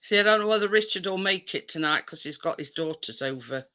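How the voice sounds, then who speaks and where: Bright-voiced woman co-host. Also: fairly low pitch, lively intonation, brisk, dry recording. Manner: chatty, greets viewers, repeats herself. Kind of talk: casual chat.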